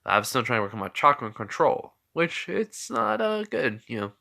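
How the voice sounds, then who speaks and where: A man's voice: medium pitch, sing-song, normal speed, creaky, sharp tone. A man narrating an improvised fan story casually, rambling with many fillers and restarts.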